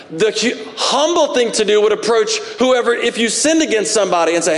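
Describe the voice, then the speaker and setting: A man's voice: sits high, animated, a little fast, hardly any pauses, big-room sound, rough recording. A man preaching a sermon to a congregation in a church, speaking conversationally and acting out little everyday scenes. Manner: conversational preaching with acted-out asides. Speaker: pastor.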